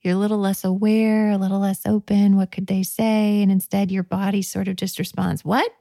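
A woman giving a guided reflective talk, speaking softly and playfully, often dropping to a whisper. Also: medium pitch, level tone, brisk, vocal fry, dry recording, clean studio sound. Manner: soft, playful, often drops to a whisper and laughs.

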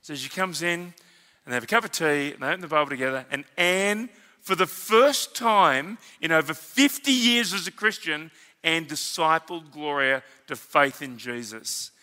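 A man with an Australian accent preaching a sermon as senior pastor, telling stories in an animated, emphatic and conversational way. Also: fairly high pitch, normal speed, in a large hall. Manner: animated storytelling, emphatic, conversational asides to the congregation.

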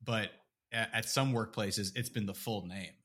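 Bright-voiced man rambling in casual chat. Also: lowish voice, fairly even intonation, a little slow. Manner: rambling, laughs often, many fillers and restarts. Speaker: podcast co-host.

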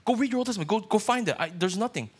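A man's voice: high-pitched, lively intonation, very fast, husky. A man, a pastor, preaching a sermon in an earnest way and putting questions straight to his listeners.

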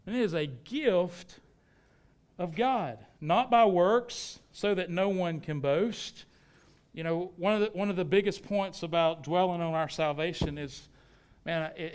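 A man preaching a sermon in a smooth, clear voice that sits a little high for a man. He speaks straight to the congregation with rhetorical questions. Some words land with sudden emphasis, others sink low and quiet. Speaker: pastor.

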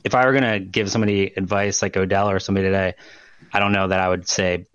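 Casual, fast-rambling man, low and dry. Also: little pitch movement, a bit bright, clear, resonant tone, no room sound, highs cut off. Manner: loose, rambling, swears and laughs often. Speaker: podcast co-host. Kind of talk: casual chat.

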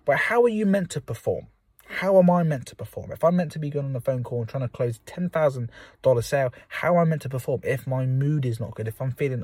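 Fast-talking young man podcasting from a car. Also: medium pitch, darkish tone, slightly rough, dry recording. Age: young adult. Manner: rambling, enthusiastic pep talk with many fillers. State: slightly out of breath after football. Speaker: podcast host. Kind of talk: casual solo podcast monologue. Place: inside a parked car.

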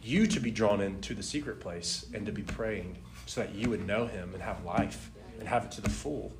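Animated young man telling a faith story. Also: lowish voice, moderate pace, music in the background. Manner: animated storyteller, laughs often, lots of "like". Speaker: speaker sharing a testimony. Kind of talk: casual testimony talk.

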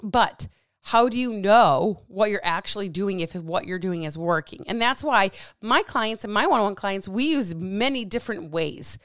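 A woman's voice: medium pitch, normal speed, clear, resonant tone, no room sound, studio quality. A woman hosting a solo podcast as a coach, talking bluntly with plenty of swearing and getting heated up. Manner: blunt, profane, fired-up; animated with hands.

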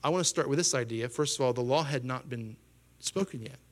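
A man in his thirties preaches a sermon with an animated delivery. He steps into quoted voices in a raised pitch, then drops back to his own mid-range voice. He keeps checking in with his listeners through quick questions. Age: 30s. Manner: asks the congregation questions. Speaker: pastor.

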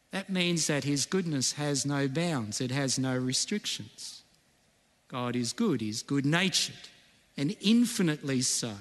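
A man's voice: a little high, long reverb tail. A man preaching a sermon in a conversational way, often checking in with the congregation. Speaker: pastor.

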